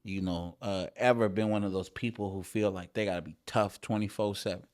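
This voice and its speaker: A man's voice: fairly low pitch, steady tone, fairly quick, a little mellow. A man, a rapper guest on a podcast, talking in a laid-back way with many fillers and some swearing. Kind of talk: casual podcast chat.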